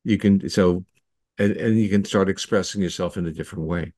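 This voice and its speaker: A man, a scientist guest in an interview, explaining ideas in a steady lecturing manner with occasional restarts. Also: sits low, fairly quick, no echo, clean studio sound.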